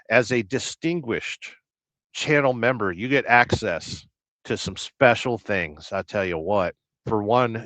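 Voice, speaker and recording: An American truck driver hosting a casual livestream, rambling through jokes and viewer comments with a deadpan, blustery manner. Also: male voice, medium pitch, no room sound. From United States. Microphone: livestream mic. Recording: dry, dull lo-fi stream audio.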